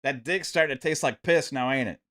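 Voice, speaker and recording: A man's voice: medium pitch, a little fast, fairly bright tone. A man hosting a gaming podcast stream, ranting profanely and mocking with sarcasm. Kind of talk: ranting live stream commentary.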